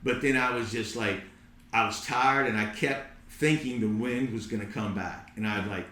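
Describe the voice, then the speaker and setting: A man, a podcast guest, telling a personal story in a casual, animated way and often repeating words as he goes. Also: on the low side, moderate pace. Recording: roomy echo.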